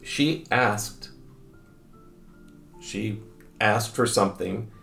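An older man, a grandfather, telling stories in conversation, halting and repeating words, acting out the people in them. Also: lowish voice, vocal fry, pushed and bright, reverberant, soft background music. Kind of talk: conversational storytelling.

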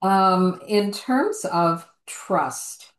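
A woman hosting an interview, speaking in a measured, thoughtful way with frequent hesitations. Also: medium pitch, expressive, echoey room. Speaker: interview host. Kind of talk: conversational interview.

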